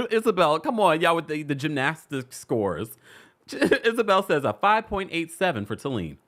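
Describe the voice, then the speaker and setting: A man's voice: fairly high pitch, sing-song, moderate pace, a bit bright. A man hosting a celebrity gossip show, chatting casually with his live audience in a playful, teasing way, laughing often. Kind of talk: casual commentary to a live chat.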